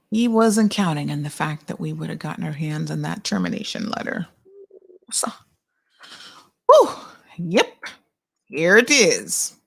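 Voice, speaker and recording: A middle-aged woman hosting a live commentary, talking in a sarcastic and animated way. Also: mid-range voice, creaky. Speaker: host.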